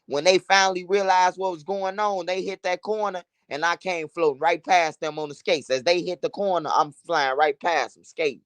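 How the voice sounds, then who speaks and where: A man casually telling a profane, animated street story, repeating phrases for emphasis. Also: high-pitched, normal speed, hardly any pauses, clear, resonant tone, no echo.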